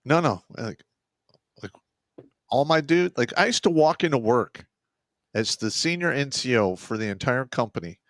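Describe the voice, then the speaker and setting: A man's voice: mid-range voice, lively intonation, normal speed, a bit bright, no room sound. A man co-hosting a casual talk show, telling blunt, profane army stories. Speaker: co-host. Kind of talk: casual podcast banter.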